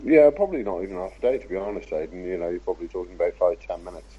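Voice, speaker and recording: A man, a podcast guest talking casually about racing in a measured, laid-back way with frequent fillers. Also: low-pitched, breathy edge, dull audio. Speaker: podcast guest, RC car racer.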